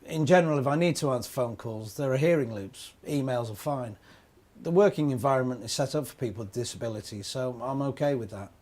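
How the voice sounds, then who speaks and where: Working man with mild hearing loss, plain and measured voiced by an actor. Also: medium pitch, darkish tone, close to an everyday voice. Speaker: actor voicing a working man's testimony. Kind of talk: scripted testimony monologue.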